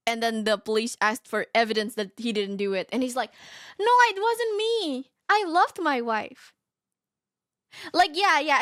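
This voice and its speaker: A woman streamer reading a story aloud and reacting in casual chat, animated and giggly, often laughing. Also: a little high, smooth, no room sound, clean studio sound. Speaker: VTuber streamer.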